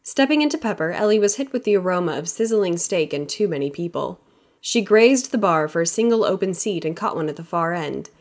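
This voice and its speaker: A woman with a somewhat lower voice for her sex narrates an audiobook. Her storytelling is steady and even, in a plain scripted read. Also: fairly quick.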